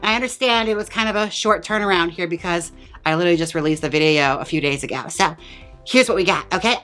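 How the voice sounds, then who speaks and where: A man's voice: high-pitched, quick pace, bright, forceful tone, faint music behind. A man chatting casually as he styles a wig and walks through each step. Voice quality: chatty and playful, talks while styling. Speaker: wig stylist and vlogger. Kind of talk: casual tutorial chat.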